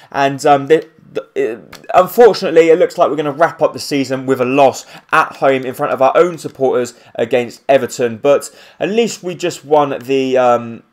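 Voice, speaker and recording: A man commentating his own football video game as he plays, with excitable play-by-play and rambling asides. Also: a little high, normal speed. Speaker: gaming YouTuber.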